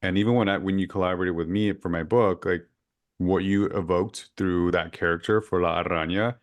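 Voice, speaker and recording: A man's voice: sits low, fairly even intonation, fairly quick. A male podcast host talking in a casual, effusive interview chat, full of fillers. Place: current home in Orlando.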